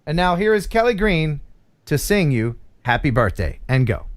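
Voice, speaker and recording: A man's voice: on the high side, sing-song, moderate pace. A man, around his forties, hosting a casual live stream chat in a goofy, playful way and laughing often. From USA.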